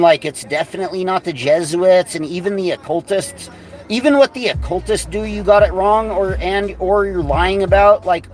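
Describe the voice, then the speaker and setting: Guy with a high voice ranting and cussing, rambling, lots of likes and ums, faint music behind. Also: low-quality recording. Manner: rambling, heated, swears a lot, many fillers. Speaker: vlogger. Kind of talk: casual profane rant.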